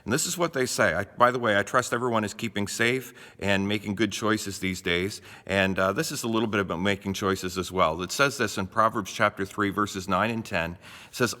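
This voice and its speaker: A middle-aged male pastor from Canada speaks in a bright, lowish voice with an easy, folksy delivery, often restarting his sentences. His voice rings with a long reverb, as if heard in a large hall. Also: steady tone, brisk. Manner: conversational, folksy, with frequent restarts. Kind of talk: short devotional talk.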